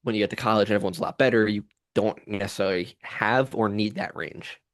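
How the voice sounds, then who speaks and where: A young man co-hosts a casual podcast, tossing out jokes and teasing his partner. His voice sits a little low. The recording is close and dry. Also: steady tone, dry recording. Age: young adult. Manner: joking, teasing, quick with banter. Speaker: podcast co-host. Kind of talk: casual chat.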